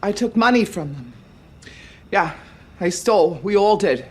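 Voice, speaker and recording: A woman's voice: medium pitch, lively intonation, a little slow, a little mellow, close to an everyday voice. An actress playing a middle-aged mother with a Long Island accent, bluntly confessing in a film drama. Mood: defiant confession.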